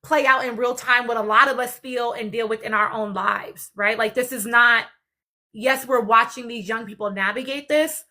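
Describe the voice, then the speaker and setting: A woman's voice: on the high side, fairly even intonation, normal speed, sharp tone. A woman hosting a live panel discussion, earnest and reflective, calling her viewers y'all. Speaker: live stream host.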